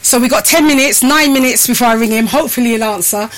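A woman's voice: on the high side, fast, rough recording. A woman hosting a casual live-stream show, out of breath and chatting freely with her viewers. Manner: chatty, addresses viewers as people and peeps. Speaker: host.

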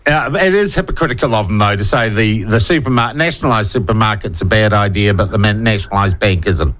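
A man's voice: fairly low pitch, quick pace, fairly bright tone. A man hosting a political radio discussion, pushing his guests with sardonic questions. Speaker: radio host.

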